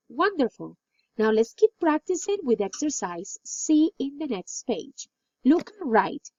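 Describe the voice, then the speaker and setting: Woman teacher, slow and animated, fairly high voice, dull dry lo-fi recording. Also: no echo. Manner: slow, clear drill reading with praise. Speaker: English teacher. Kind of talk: recorded classroom lesson.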